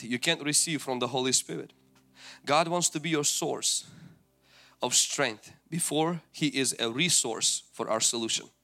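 A man's voice: mid-range voice, pushed and bright. A man preaching a sermon with fervent emphasis, speaking directly to the listener.

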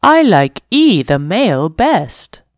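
Brief: a dopey, easygoing dog, a woman putting him on, drawn out and unhurried. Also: medium pitch, very animated, no echo, clean studio sound, pitched above the performer's own voice. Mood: goofy. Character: big friendly goofy male puppy.

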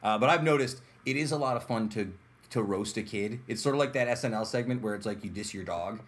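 A man hosting a casual podcast chat, telling stories with lively acted-out quotes. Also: lowish voice, fast talker. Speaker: podcast host.

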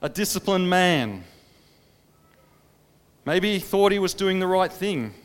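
A man preaching a sermon, dramatic, swinging between impassioned pleading and hushed, quiet stretches. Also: high voice, lively intonation, slow pace, smooth. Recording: long reverb of a large hall.

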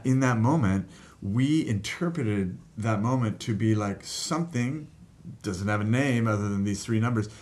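A man telling a personal story in casual talk, animated, laughing at times and swearing freely. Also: on the low side. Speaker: guest telling a life story.

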